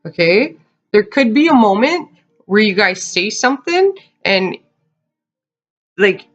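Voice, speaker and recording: A woman's voice: medium pitch, very animated, takes it slowly. A woman giving a casual tarot reading to her viewers, chatty and laughing often as she talks to "you guys.". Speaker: tarot reader. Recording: dull lo-fi sound.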